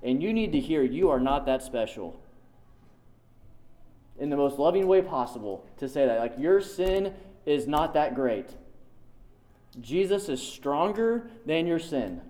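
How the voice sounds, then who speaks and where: A man's voice: a little high, lively intonation, unhurried, long pauses, dark tone. A man preaching a sermon, emphatic and conversational, repeating key lines for weight. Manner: conversational, dotted with "like".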